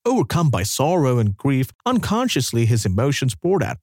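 A man narrating a scripted dramatic story with an expressive delivery. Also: medium pitch, normal speed, no echo, studio quality.

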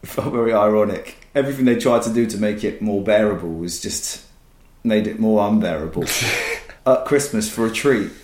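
A man's voice: on the low side, normal speed, a little mellow, roomy sound. A man casually telling stories as a podcast guest, rambling and swearing freely. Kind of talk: casual storytelling.

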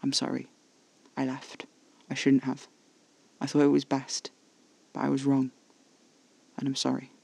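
A man voicing a brooding, restrained vampire who speaks quietly and tightly. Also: medium pitch, monotone, a little slow, vocal fry, pauses often, slightly rough, no room sound. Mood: remorseful whisper. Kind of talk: audio drama reading.

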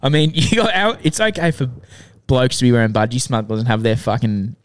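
A man's voice: mid-range voice, a little fast, clear, resonant tone, no room sound. A man co-hosting a podcast, telling stories in slangy, laughing casual chat. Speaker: podcast co-host.

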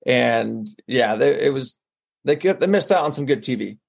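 A man with a middle-pitched voice talks through his points one by one in a casual interview. His tone is easygoing and full of slang. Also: animated, moderate pace, vocal fry, slightly rough. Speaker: reality dating show cast member.

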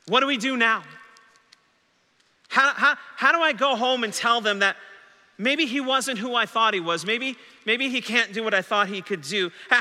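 High-voiced, bright preaching pastor. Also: male voice, big-room sound. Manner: dramatic preaching, voicing doubting disciples' questions. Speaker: senior pastor. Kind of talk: sermon. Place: church sanctuary.

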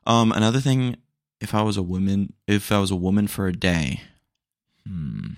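Deep-voiced man rambling casually. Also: expressive, normal speed, gravelly, dry recording, clean studio sound. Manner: rambling and candid, drops in "dude" and jokes. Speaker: podcast host. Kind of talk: casual solo podcast chat.

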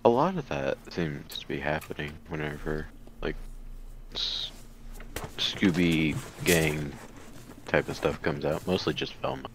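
Very deep-voiced young man quipping. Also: big pitch swings, a little slow, long pauses, a bit bright, slight background noise. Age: young adult. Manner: short quips, laughs often. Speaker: podcast co-host. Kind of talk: casual pop-culture chat.

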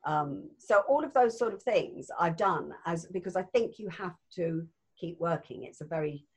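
An older actress chatting as an interview guest, effusive and laughing often, with a husky voice. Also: female voice, on the low side, expressive, normal speed. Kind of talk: casual interview chat.

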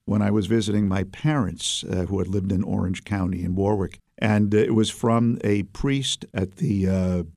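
A man, a bishop telling stories in a relaxed interview, rambling with many fillers and restarts. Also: on the low side, moderate pace, vocal fry, few pauses, no room sound, clean studio sound. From Brooklyn, New York. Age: 70s. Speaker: Catholic bishop, interview guest. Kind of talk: casual storytelling interview.

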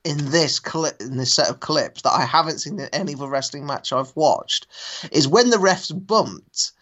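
Relaxed man in casual podcast chat. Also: fairly high pitch, moderate pace. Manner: relaxed, amused, rambling. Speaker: podcast co-host.

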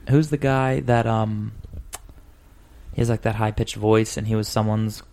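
A man's voice: fairly low pitch, fairly even intonation, gravelly, darkish tone. A man hosting a podcast, telling rambling stories in casual chat and slipping into voices. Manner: rambling, quick storytelling, puts on voices. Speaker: podcast host.

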